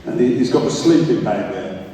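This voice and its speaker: A man performing a stand-up comedy routine on stage, telling stories in a chatty, punchy way with quick asides. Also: fairly low pitch, expressive, dark tone. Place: large concert hall with a live audience. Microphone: stage microphone recorded from the audience. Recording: distant, echoey hall recording with crowd noise.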